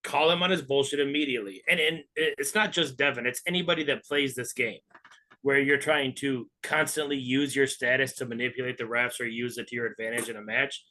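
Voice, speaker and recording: Brief: male podcast co-host, blunt and profane, bright, forceful tone. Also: mid-range voice, steady tone, brisk. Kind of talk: casual podcast chat.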